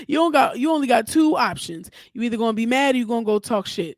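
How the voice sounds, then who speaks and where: A woman hosting her own podcast, ranting in a casual, profane, animated way straight to her listeners. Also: a little high, quick pace, no room sound, studio quality. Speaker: podcast host. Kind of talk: casual solo podcast rant.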